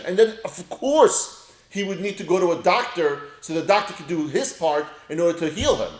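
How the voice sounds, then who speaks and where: A man's voice: fairly high pitch, expressive, a little fast, roomy sound. A man giving a casual Torah lesson, reading Hebrew phrases and explaining them with everyday examples. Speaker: Torah teacher.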